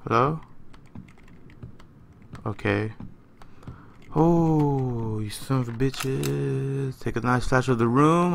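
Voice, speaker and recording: A man's voice: medium pitch, creaky, a bit bright, a little hiss or hum. A young man commentating a horror game he is playing at home. He swears a lot and swings from muttering to panicked screaming. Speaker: gaming YouTuber.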